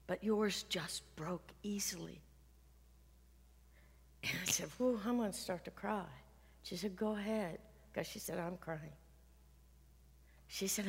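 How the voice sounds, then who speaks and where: A woman minister giving a sermon, telling a story with earnest feeling and sometimes dropping almost to a whisper. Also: mid-range voice. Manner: earnest storytelling, quotes others, drops to near-whisper at emotional points. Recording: long hall reverb.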